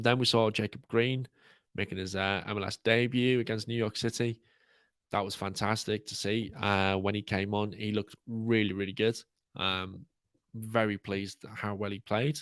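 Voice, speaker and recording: Guy hosting a fan podcast, kinda low voice, dry sound, lots of ums. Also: dry recording. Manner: relaxed, rambling, many ums. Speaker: podcast host. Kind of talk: casual podcast chat.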